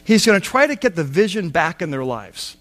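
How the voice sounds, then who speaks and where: High-voiced man preaching conversationally. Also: big pitch swings, brisk, a bit bright. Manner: conversational, explains with asides and acted quotes. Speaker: pastor. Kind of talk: sermon.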